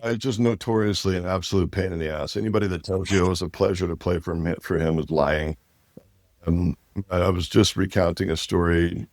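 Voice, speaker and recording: Deep-voiced man, rambling interview guest. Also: darkish tone, no echo, studio quality. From Walla Walla Valley, Washington. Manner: rambling, many fillers and restarts, laughs easily. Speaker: winery owner and interview guest. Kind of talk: casual interview conversation.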